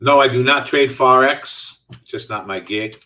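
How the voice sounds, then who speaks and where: A man's voice: mid-range voice, measured pace, pushed and bright, distant mic. A middle-aged man hosting a live trading stream, talking casually and answering viewer chat as he trades. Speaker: stock trading host.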